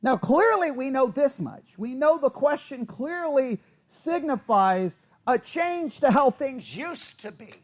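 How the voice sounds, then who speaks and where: A man with a very high voice leads a Bible study in a relaxed, conversational way. He throws questions at his class and acts out the lines he quotes. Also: slow. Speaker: Bible teacher.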